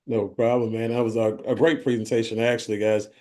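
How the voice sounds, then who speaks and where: A man's voice: on the low side, level tone, fairly quick, a little mellow. A man giving a conversational business presentation to a group, often checking in with his listeners. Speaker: company vice president presenting.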